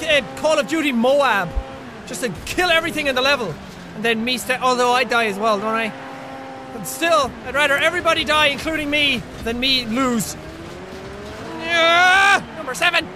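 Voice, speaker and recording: A young man giving loud, excitable gameplay commentary with frequent shouting outbursts. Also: very high voice, normal speed, background noise. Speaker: gaming video host. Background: game music.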